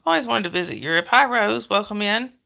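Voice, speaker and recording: A chatty woman with a Southern US accent hosts a live chat, reading comments and laughing with her viewers. Her voice is bright and very gravelly with heavy vocal fry. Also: medium pitch, animated, fairly quick. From Georgia, US. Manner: chatty, greets viewers by name, laughs often. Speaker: livestream host.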